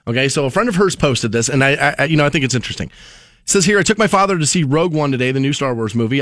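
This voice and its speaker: A man's voice: on the high side, a bit bright. A man hosting a casual talk show, chatting in a rambling, conversational way with frequent restarts. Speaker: radio show host.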